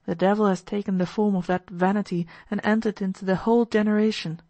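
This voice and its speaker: A woman voicing a gentle, earnest young man in an audiobook, speaking calmly and sincerely. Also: mid-range voice, fast, no room sound, lightly acted. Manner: calm, kind, sincere counsel. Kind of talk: audiobook character voice.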